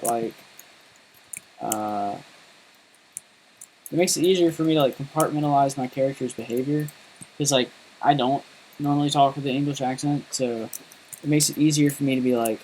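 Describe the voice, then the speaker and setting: Casual male coding streamer, rambling and self-mocking, mid-pitched voice, faint noise behind. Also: a little mellow, rough recording. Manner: rambling and self-deprecating, lots of fillers and laughs. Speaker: programmer streaming his coding. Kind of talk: casual live-stream chat while coding.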